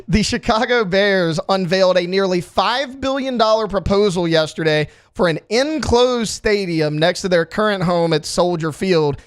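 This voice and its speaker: A man hosting sports talk radio in a casual, joking, energetic way. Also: high voice. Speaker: fill-in radio host.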